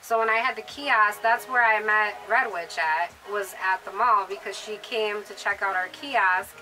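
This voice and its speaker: A woman's voice: mid-range voice, moderate pace, bright, forceful tone, faint music behind, rough recording. A woman co-hosting a casual chat who rambles with lots of fillers. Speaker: co-host, shop owner.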